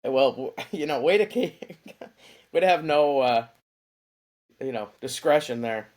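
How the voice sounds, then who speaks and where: A man co-hosting a casual sports podcast, making wry, deadpan quips. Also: mid-range voice, a little slow. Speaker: podcast co-host.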